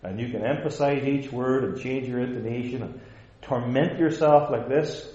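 A man's voice: medium pitch, moderate pace, a little mellow. A man preaching a sermon as pastor, emphatic, building his points with rhetorical repetition. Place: church sanctuary. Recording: roomy, dull lo-fi recording.

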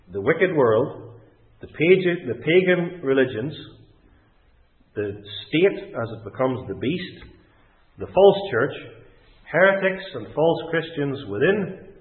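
Male preacher, measured and emphatic, heard over a thin phone-like line. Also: fairly high pitch. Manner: deliberate, emphatic, with rising stresses. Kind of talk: sermon. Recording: tinny phone-like sound in an echoey room.

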